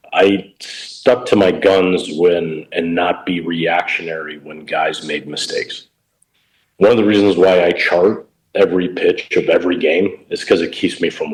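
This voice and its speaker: In a rough recording, a middle-aged professional baseball coach with a low voice talks as an interview guest. He keeps it casual, telling plain-spoken stories from his coaching days.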